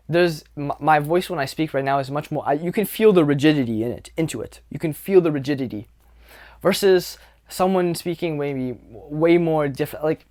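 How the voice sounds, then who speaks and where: A young man talks straight to his viewers in a loose, conversational coaching style. He repeats points, leans on fillers and swears casually as he explains. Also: a little high. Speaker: dating coach. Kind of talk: casual coaching monologue to camera.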